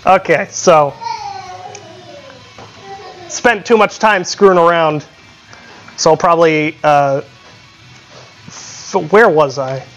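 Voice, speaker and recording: A man's voice: a little high, takes it slowly, pauses often, faint music behind. A male streamer chatting casually and reacting with swearing and laughter. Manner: laughing, profane, reacting loudly. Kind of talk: casual live-stream chat.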